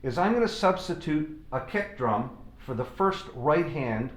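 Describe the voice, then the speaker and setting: A man's voice: fairly high pitch, animated, unhurried. A man giving a drum lesson, explaining stickings step by step between bursts of playing. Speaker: drum teacher. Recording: echoey room with drums.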